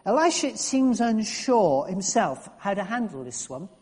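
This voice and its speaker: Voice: mid-range voice, very animated, a little slow, a little mellow, big-room sound. A preacher giving a conversational sermon, often restarting and repeating words.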